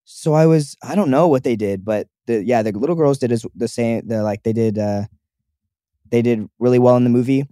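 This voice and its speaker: Rambling young man, mellow voice. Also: medium pitch, a little fast, no echo, clean studio sound. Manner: rambling, lots of fillers and restarts. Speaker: podcast co-host. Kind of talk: casual chat.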